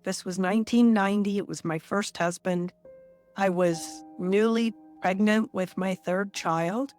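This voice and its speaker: Slow, reflective woman in her sixties. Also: medium pitch. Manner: measured and reflective, pausing between phrases. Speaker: interview guest. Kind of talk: personal storytelling in an interview.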